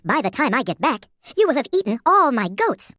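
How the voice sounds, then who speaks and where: A woman's voice: high voice, fairly quick, dry recording, clean studio sound, voice pushed up, full character voice. Woman playing a timid, crafty storybook man. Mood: pleading. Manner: pleading, flattering.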